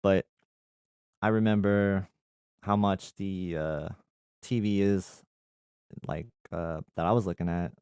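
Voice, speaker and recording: A man's voice: deep voice, steady tone, slow pace, long pauses, darkish tone, clear, resonant tone, no room sound, clean studio sound. A young adult man hosting a tech channel, reading viewer comments aloud and answering them in a loose, rambling chat full of fillers. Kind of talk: casual live chat.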